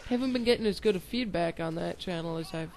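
A man's voice: high-pitched, quick pace, a little mellow. A young man giving casual gameplay commentary, rambling and giggly with self-deprecating asides. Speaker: gaming channel host.

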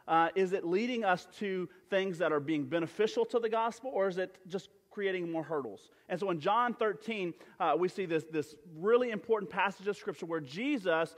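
A man with a notably high voice delivers a sermon from the stage of a church sanctuary, speaking conversationally and often restarting his sentences with fillers. His voice carries into a long, lingering hall reverb. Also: moderate pace, hardly any pauses. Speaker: pastor.

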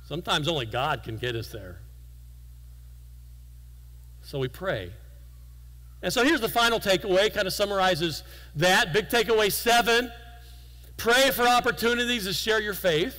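Bright-voiced man preaching in a hall. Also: high voice, animated, normal speed, pauses often. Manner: conversational storytelling with self-deprecating humor. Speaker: guest preacher. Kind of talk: sermon. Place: church sanctuary.

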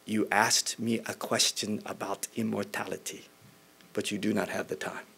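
A man voicing an older male philosophy professor with a German accent, speaking in a slow, deadpan way. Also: on the low side, vocal fry, slightly rough, exaggerated voice. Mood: wry.

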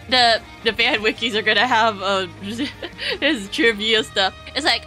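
Bright-voiced, sarcastic young woman streamer. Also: fairly high pitch, big pitch swings, measured pace, soft background music, low-quality recording. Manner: sarcastic, crude, laughing. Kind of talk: livestream game commentary.

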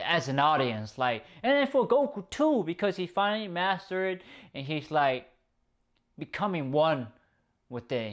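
A man giving a casual, excitable episode review, swearing often and rambling through restarts. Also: on the high side. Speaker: video reviewer.

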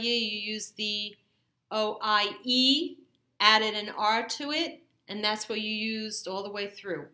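A woman's voice: on the high side, pushed and bright. A woman teaching a French grammar lesson to her class, patiently checking in with "okay?" as she goes. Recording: echoey room.

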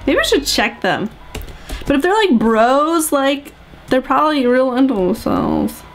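High-voiced chatty young woman gamer. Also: huge pitch swings, a little slow, faint music behind. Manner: chatty, exclamatory, many "like"s. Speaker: gaming video host. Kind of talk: let's play commentary.

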